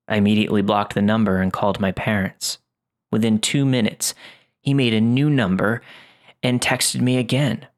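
Low guy with a gravelly voice reading creepy stories, steady and even. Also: normal speed. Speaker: horror story narrator. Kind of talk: scripted narration.

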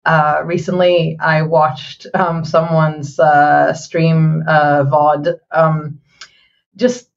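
A woman game developer talking casually in an interview, halting with many fillers and restarts. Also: low-pitched, level tone, vocal fry, highs cut off.

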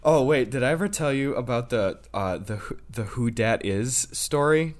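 A young man co-hosting a podcast, telling stories in a lively, laughing way and swearing casually. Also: medium pitch, normal speed. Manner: animated storyteller, laughs a lot, swears freely. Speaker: podcast co-host.

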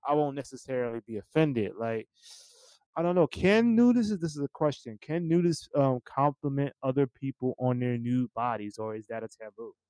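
A man's voice: mid-range voice, moderate pace, warm tone, clear, resonant tone, no echo, low-quality recording. A man hosting a casual interview, asking frank, rambling questions with frequent restarts and laughs. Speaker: podcast host.

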